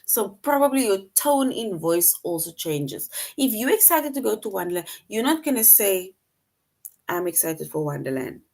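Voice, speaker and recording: A woman's voice: a little high, lively intonation, moderate pace, few pauses, a little mellow. A young woman teaching children online, patient and step by step, acting out the example sentences as she explains. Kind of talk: online grammar lesson for children.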